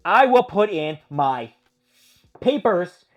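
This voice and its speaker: A man's voice: high-pitched, big pitch swings, slow pace, highs cut off. A man hosting a solo show, venting in a profane, exasperated rant. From Philadelphia area. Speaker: podcast host. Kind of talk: ranting solo monologue.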